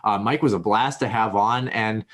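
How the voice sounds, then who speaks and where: A man's voice: on the low side, moderate pace, a bit bright. A man hosting a podcast, teasing his co-host and introducing the next interview in a chatty way. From Minnesota. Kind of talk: casual chat and show introduction.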